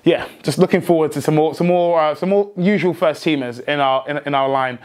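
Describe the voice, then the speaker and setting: A young man hosting a football fan vlog, talking excitedly with many restarts and outbursts. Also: a little high, brisk. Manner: excitable, rambling, frequent restarts, shouts in joy. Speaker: football fan channel host.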